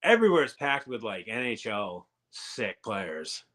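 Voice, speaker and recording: Low-voiced man telling hockey stories. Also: big pitch swings, measured pace, a bit bright. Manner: rambling and profane, many fillers. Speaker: guest, former pro hockey player. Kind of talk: casual storytelling interview.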